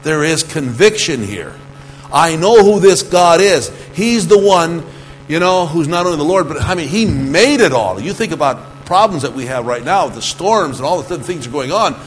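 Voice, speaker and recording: A man's voice: a little high, lively intonation, a little fast, hardly any pauses, big-room sound, faint music behind, poor audio. A man preaching a sermon earnestly, repeating key phrases and asking rhetorical questions. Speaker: pastor.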